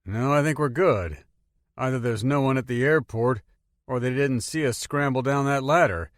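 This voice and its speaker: A man voicing a steady, commanding male Air Force pilot in an audiobook. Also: mid-range voice, moderate pace, no echo, studio quality, close to an everyday voice. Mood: firm. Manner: curt, commanding.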